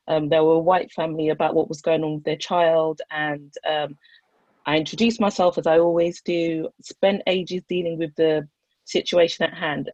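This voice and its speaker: A young woman with a lowish voice, talking earnestly as she tells stories from her work as a doctor. The recording is dull and dry, with no room sound. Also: a little mellow, no room sound. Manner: earnest, storytelling, reflective. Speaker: doctor, guest speaker. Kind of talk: casual discussion.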